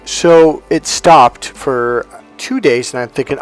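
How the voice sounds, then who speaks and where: A life coach telling a personal story in a blunt, emphatic way, with casual cursing. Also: male voice, medium pitch, animated, moderate pace, few pauses, soft background music. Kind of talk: storytelling monologue.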